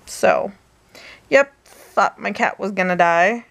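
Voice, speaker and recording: Speaking slowly at a medium pitch, she tells a rambling story for her bedtime vlog from her bed. Every so often her voice sinks to a whisper.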